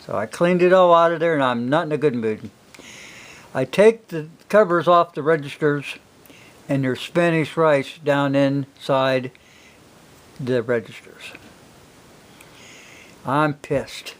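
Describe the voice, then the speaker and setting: Older man, high-pitched, casual folksy storyteller, rambling delivery. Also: slow pace, long pauses. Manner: rambling, folksy, many fillers. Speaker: single father telling stories.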